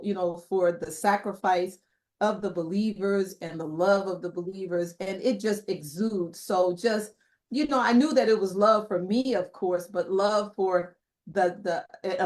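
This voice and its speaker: A middle-aged woman, a podcast guest, recalling memories in a reflective storytelling manner with many pauses and fillers. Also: medium pitch, a little mellow. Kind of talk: conversational interview testimony.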